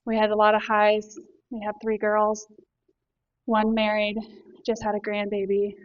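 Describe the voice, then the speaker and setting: A woman's voice: medium pitch, completely flat delivery, unhurried, dry recording, muffled recording. A woman in her forties giving a matter-of-fact personal testimony about her marriage. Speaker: workshop participant sharing testimony.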